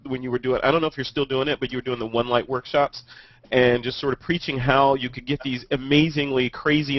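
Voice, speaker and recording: A man's voice: medium pitch, dry recording, highs cut off. A man on a photography panel who agrees with enthusiasm and talks loosely, with plenty of fillers, over a video call. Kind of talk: casual panel discussion.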